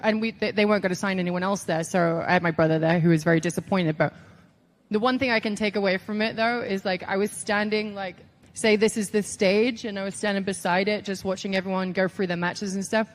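A young English woman tells stories to an interviewer in a loose, chatty way. She laughs often, swears freely and fills her sentences with "like" at a pitch typical for a woman. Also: a little fast, big-room sound. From England. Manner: animated, laughing, swearing, lots of fillers. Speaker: guest. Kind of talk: casual storytelling interview.

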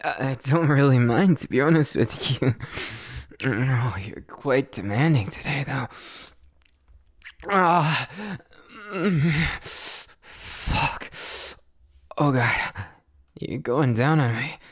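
A young man speaks at a very slow, unhurried pace in an intimate audio role-play, close to the microphone. His voice sits at an ordinary pitch for a man, teasing and breathy, and often sinks into a soft whisper.

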